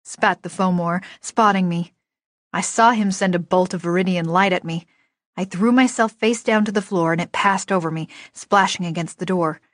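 A woman narrating a first-person novel in a lively, expressive storytelling voice. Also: fairly low pitch, moderate pace, no room sound, clean studio sound. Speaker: audiobook narrator.

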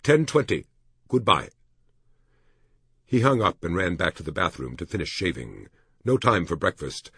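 A man narrating an audiobook in an expressive storytelling manner. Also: deep voice, brisk, breathy edge, dry recording, clean studio sound.

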